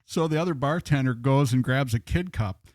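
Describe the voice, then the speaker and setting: A man's voice: mid-range voice, moderate pace, darkish tone, no room sound, studio quality. A man co-hosting a podcast, telling bar stories in a rambling casual way with many fillers. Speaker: podcast co-host. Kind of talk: casual chat.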